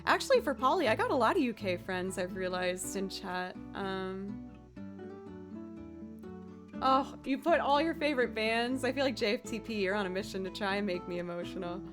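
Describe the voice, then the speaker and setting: Over music, a young woman musician talks casually to her livestream audience in an animated, mid-range voice that's slightly scratchy. She's cheerful and laughs easily.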